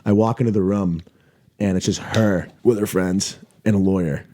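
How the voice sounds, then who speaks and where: A young man in his twenties, a podcast guest telling a long story in a rambling, profane, excitable way with lots of restarts. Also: deep voice, moderate pace, slight background noise. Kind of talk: casual storytelling.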